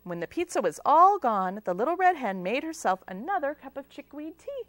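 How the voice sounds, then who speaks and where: A woman's voice: high voice, sing-song, normal speed, fairly bright tone, dry recording. A woman reading picture books aloud to children at a library storytime, sing-song and asking them questions. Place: public library. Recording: local cable TV taping.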